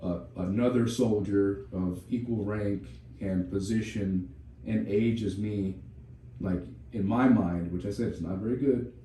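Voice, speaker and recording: A young man tells a personal story on a podcast, swearing freely and restarting his sentences often. His voice is low and very dark. He sits back from the mic in a strongly echoing room, with faint noise underneath. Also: measured pace, recorded from a distance. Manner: candid, profane storytelling with many restarts. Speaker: podcast co-host.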